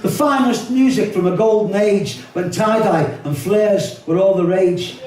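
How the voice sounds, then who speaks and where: An older man with a Liverpool accent performs his own rhyming poems live, rhythmic and wry, tossing in spoken asides. His voice sits high with a darkish tone and a slightly slow pace, heard off-mic in an echoey hall.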